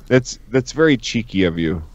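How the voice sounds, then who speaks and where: A man's voice: lowish voice, very animated, normal speed, no room sound. A man co-hosting a casual livestream podcast, joking and swearing as he ribs his co-hosts. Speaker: podcast co-host.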